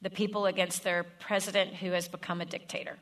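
Bright-voiced woman preaching to a congregation. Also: on the low side, flat delivery, a little fast. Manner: direct, coaching the audience with scripts and repeated questions. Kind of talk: sermon.

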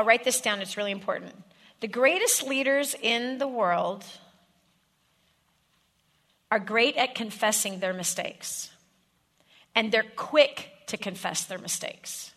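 A woman delivering a sermon with a bright, forceful tone. She talks straight to her listeners, walking them through step-by-step scripts and checking in with repeated questions. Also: a little high, expressive, takes it slowly, long pauses. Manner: direct, coaching the audience with scripts and repeated questions.

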